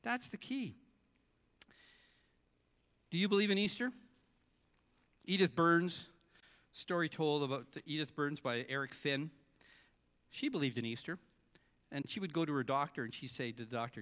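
A man preaching to a congregation, his voice sitting fairly high as he tells a story and builds to loud, emphatic lines before dropping to near whispers. The sound rings with long reverb from a large church hall. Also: lively intonation, moderate pace, pauses often. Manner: storytelling preacher, swinging from soft to loud, breaks into song. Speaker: pastor. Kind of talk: sermon.

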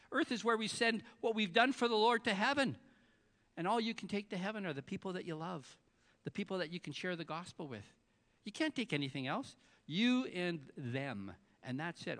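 A man preaching to a congregation, his voice sitting fairly high as he tells a story and builds to loud, emphatic lines before dropping to near whispers. The sound rings with long reverb from a large church hall. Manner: storytelling preacher, swinging from soft to loud, breaks into song. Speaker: pastor. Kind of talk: sermon.

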